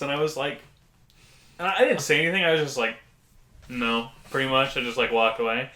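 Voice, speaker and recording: A man chatting on a casual podcast, telling stories with plenty of swearing and acting out what other people said. His voice sits at an ordinary pitch, and the room around him rings with a noticeable echo. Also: a little fast, long pauses. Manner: swearing, animated storyteller who acts out quotes. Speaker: podcast co-host. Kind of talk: casual chat.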